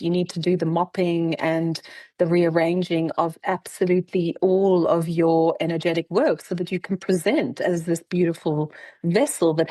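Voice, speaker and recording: Recorded with no room sound, a middle-aged podcast host with a lowish voice chats casually. Her storytelling is lively: she performs the dialogue she quotes, laughs in bursts, and frequently starts over or says words twice.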